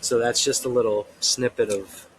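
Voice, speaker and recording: A man's voice: mid-range voice, steady tone, moderate pace, slight background noise, rough recording. A young man, an author being interviewed, chatting easily and laughing often. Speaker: author guest. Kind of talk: casual interview chat.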